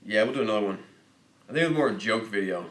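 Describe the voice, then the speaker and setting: A man hosting a casual livestream, reading viewer questions aloud and thinking out loud in a rambling, jokey way. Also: on the low side, expressive, rapid-fire, reverberant. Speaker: host of a motorcycle dealership livestream.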